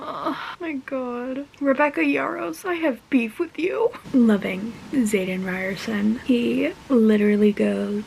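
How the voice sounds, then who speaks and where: A young woman vlogging casually about her reading, gushing and excited, sometimes dropping to a whisper. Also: on the high side, takes it slowly, vocal fry, slight background noise, rough recording. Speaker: book vlogger. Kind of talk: casual reading vlog chat.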